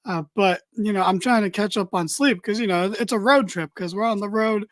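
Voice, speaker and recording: A man's voice: high voice, brisk, dry recording. A tired man co-hosting a casual wrestling podcast, rambling with dry, mock-serious humor. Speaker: podcast co-host.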